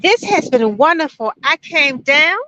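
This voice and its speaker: A woman in her sixties gives an emphatic, enthusiastic testimonial on a beach. Her voice is high and bright, and it swings widely in pitch. The recording is dull and lo-fi, with faint outdoor noise. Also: animated, measured pace. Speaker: guest. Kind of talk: casual testimonial.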